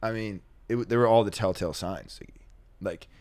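A young man with a very deep voice talks bluntly on a podcast. He swears casually and keeps the chat loose and frank. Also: brisk, a little mellow. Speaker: podcast co-host.

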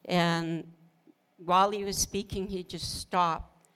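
A woman's voice: fairly low pitch, fairly even intonation, takes it slowly, fairly bright tone, clean tone. Earnest woman telling a faith story. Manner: earnest storytelling, laughs often, quotes her own prayers. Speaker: pastor's wife, co-host. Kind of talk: casual ministry talk.

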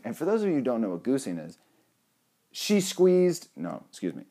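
A young man telling a funny personal story in a casual, animated way, cracking jokes and swearing now and then. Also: mid-range voice, normal speed.

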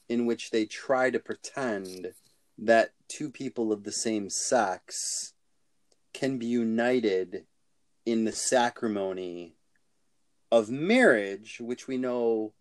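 A man co-hosting a podcast discussion, speaking slowly and deliberately as he picks his words with care. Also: lowish voice. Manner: slow and deliberate, choosing words carefully. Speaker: podcast co-host.

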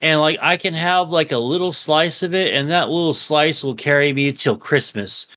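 Young man, profane mock-aggressive banter, podcast co-host, slightly high voice. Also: moderate pace, sharp tone. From Texas. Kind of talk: casual chat.

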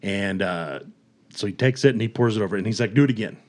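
Man, lowish voice, podcast storyteller, animated, chuckles, acts out quotes. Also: fast talker. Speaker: podcast host. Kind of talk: casual storytelling chat.

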